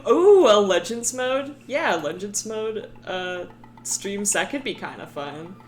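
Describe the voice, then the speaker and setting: Woman streamer, laid-back pace, expressive pitch, profane and giggly. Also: takes it slowly, slight background noise. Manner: profane, laughing, rambling. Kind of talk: casual live-stream worldbuilding chat.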